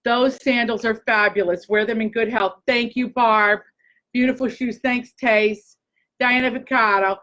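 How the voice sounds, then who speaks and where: A woman hosting a casual live chat, gushing and excitable, talking straight to her viewers. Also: a little high, measured pace, rough recording. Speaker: host.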